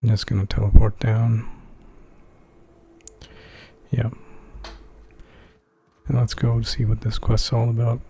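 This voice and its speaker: Slow, husky man with a gravelly tone. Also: mid-range voice, flat delivery, dark tone. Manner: laid-back, chatting with viewers. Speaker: gamer streaming a playthrough. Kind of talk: casual gameplay commentary.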